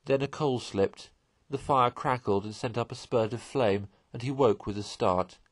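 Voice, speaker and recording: A man narrating a classic children's novel aloud in a measured, expressive way. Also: medium pitch, no echo. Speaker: storyteller.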